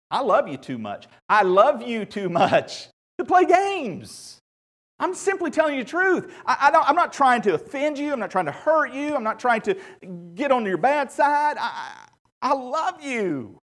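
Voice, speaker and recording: A man, a pastor, delivering a sermon, moving between relaxed storytelling and impassioned, repetitive emphasis. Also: high-pitched, very echoey, recorded from a distance. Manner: conversational storytelling with fillers.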